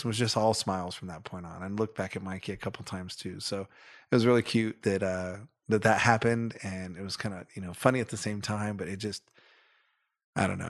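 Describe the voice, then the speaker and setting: A middle-aged man hosting a podcast in casual chat, rambling and correcting himself as he tells a fond family story. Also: fairly low pitch. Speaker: podcast co-host.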